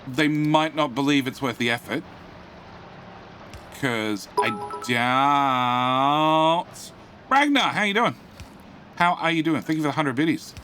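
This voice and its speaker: A man's voice: on the high side, expressive, slow, long pauses, sharp tone, a little hiss or hum. Guy streaming live, mumbles to himself as he builds, then talks to chat, voice jumps up and down a lot. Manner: chatty, muttering to himself while building; reads out and greets chat. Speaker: game streamer. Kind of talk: live gameplay commentary.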